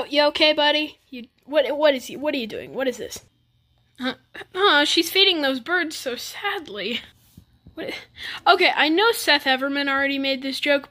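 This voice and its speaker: A woman's voice: sits high, a bit bright. A woman doing a comedic reaction to a music video, talking in bewildered, exasperated running commentary with frequent stammered restarts.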